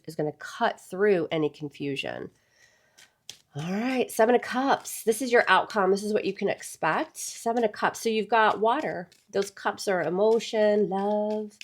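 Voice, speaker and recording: Chatty woman giving a tarot reading. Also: medium pitch. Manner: chatty, addresses viewers as "y'all". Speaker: tarot reader. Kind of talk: casual tarot reading to camera.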